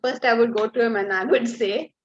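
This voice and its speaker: Lady teacher lecturing her class, high voice, keeps asking the room questions, kinda muffled recording. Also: a little fast, a little hiss or hum. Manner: lively, asks the class rhetorical questions. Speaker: Vedanta teacher.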